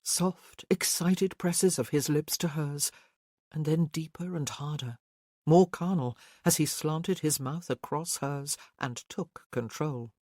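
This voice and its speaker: A woman narrating a historical romance audiobook in a steady, even storytelling voice. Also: deep voice, slow, dry recording, studio quality.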